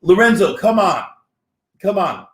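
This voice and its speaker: A man's voice: high-pitched, very animated, a little slow. A man hosting a casual interview, asking long, stumbling, rambling questions with frequent restarts. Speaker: host. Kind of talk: casual video-call interview. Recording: roomy echo.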